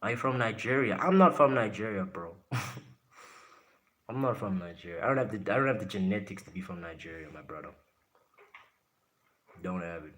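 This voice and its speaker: A man's voice: low-pitched, moderate pace, pauses often, a bit bright. A man from South Africa hosting a live stream, casually answering his chat in a blunt way and laughing often.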